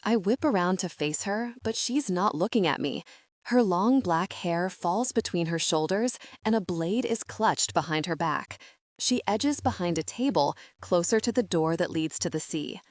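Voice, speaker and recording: Low-voiced woman reading an audiobook. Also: expressive, moderate pace, dry recording, clean studio sound. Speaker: audiobook narrator. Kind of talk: scripted first-person narration.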